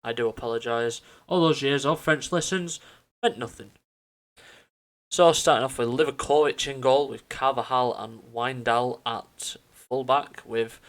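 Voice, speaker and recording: A man's voice: mid-range voice, a bit bright. A man giving casual, chatty commentary over a football management game, often stumbling over names and correcting himself. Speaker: gaming YouTuber.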